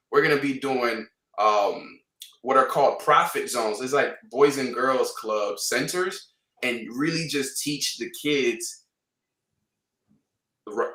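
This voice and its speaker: A man from Canada talking casually on a trading livestream panel, animated and slangy, repeating points for emphasis. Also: mid-range voice, echoey room, distant mic.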